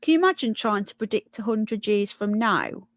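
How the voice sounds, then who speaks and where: A middle-aged woman hosts a relaxed live chat, warmly greeting viewers by name between passages she reads aloud. The sound is close and dry, with no room around it. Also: mid-range voice, normal speed, dry recording. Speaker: livestream host. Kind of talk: casual live chat reading articles.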